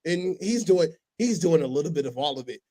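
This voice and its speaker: A man hosting a casual podcast, telling stories with animated delivery and sudden loud impressions. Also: fairly high pitch, a little fast, rough recording. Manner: animated storytelling, breaks into loud shouted impressions. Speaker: podcast host.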